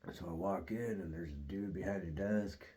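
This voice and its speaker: Low, mellow-voiced man rambling casually. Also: normal speed. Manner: profane, loose, peppered with "dude" and "like"; rambling and animated in retelling. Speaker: host.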